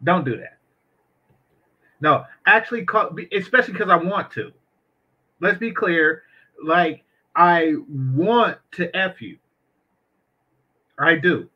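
A man's voice: fairly high pitch, slow, long pauses, lo-fi sound. A man giving blunt, crude, joking commentary on a clip in casual talk. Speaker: reaction video commentator.

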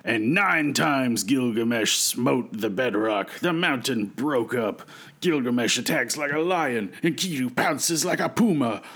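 A man co-hosting a podcast, casually retelling a myth in a lively, jokey way. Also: medium pitch, a little slow. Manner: lively, jokey, laughs often. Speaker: podcast co-host.

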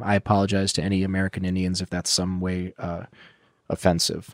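A man with a lowish voice tells a rambling, profane story from his past, swearing freely. He livens up whenever he quotes someone else. The sound is dry and close, with no room around him. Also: no room sound. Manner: rambling, profane, animated when quoting others. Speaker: guest in recovery. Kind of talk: candid storytelling interview.

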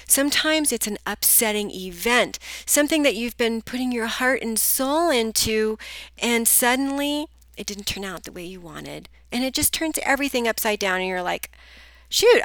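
A woman's voice: medium pitch, fairly bright tone, dry recording. A middle-aged woman hosting a solo coaching podcast, chatty and upbeat, speaking straight to her listeners, a bit groggy today. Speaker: podcast host, business coach.

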